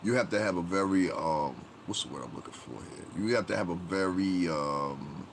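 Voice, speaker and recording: A man with a low, deep voice hosts a casual livestream, talking straight to his chat. His delivery is blunt and profane, and it rambles through restarts and trailing "whatever"s. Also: lively intonation, normal speed, vocal fry, slight background noise.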